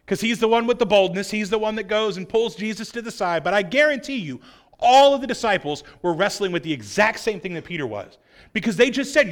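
A male pastor preaching a sermon, acting out quoted voices and swinging from loud outbursts to hushed lines. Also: high voice.

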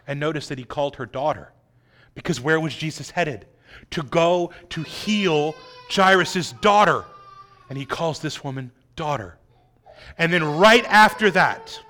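A man preaching a sermon, dramatic, swinging between loud emphasis and hushed, quiet lines. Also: on the high side. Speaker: pastor.

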